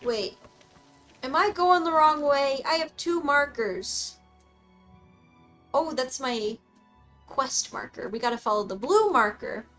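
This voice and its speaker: A woman's voice: high voice, slow, pauses often, fairly bright tone, soft background music, low-quality recording. A young woman streaming a game, chatting casually and playfully, laughing often and dropping mock-old-fashioned asides. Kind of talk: casual gameplay commentary.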